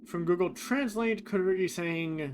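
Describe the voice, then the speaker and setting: A man's voice: high voice, unhurried, a little hiss or hum. A man streaming a game, casually thinking aloud and reading quoted lines in a plain voice. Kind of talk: casual commentary on a game's translation.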